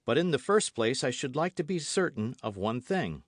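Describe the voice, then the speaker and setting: An ardent young swordsman, gallant and earnest, pleading in a caressing tone, as the narrator voices him. The voice rides higher than the reader's own and moves with lively inflection. It is recorded dry and close. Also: moderate pace, no echo.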